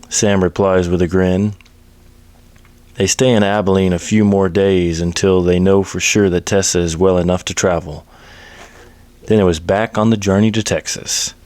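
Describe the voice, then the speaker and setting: Male storyteller, very low voice, steady plain read, dry close sound. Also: measured pace, dry recording. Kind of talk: reading a western story aloud.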